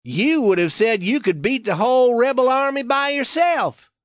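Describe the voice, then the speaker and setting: A man reading the lines of a young wounded soldier who is irritable and sharp with his friend. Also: extremely high pitch, very animated, slow, husky, no room sound, muffled recording, pitched above the performer's own voice, heavily acted. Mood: daring.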